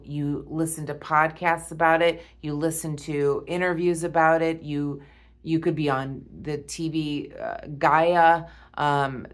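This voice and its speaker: A woman giving a spiritual tarot reading to her viewers, awed and emotional, repeating herself and often breaking off with a soft "wow.". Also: sits low. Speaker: tarot reader.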